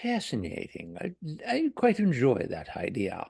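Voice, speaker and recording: A man voicing a pompous posh older English gentleman, speaking in plummy, overly formal phrases. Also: mid-range voice, wildly swooping pitch, a little slow, gravelly, husky, heavily acted. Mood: pompous approving.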